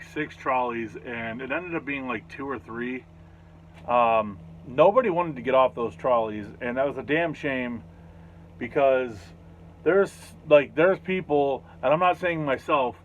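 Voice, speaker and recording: A man casually recapping a festival in a rambling, profane, excitable way. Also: mid-range voice. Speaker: vlogger reviewing a festival. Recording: slightly dull lo-fi audio with faint noise.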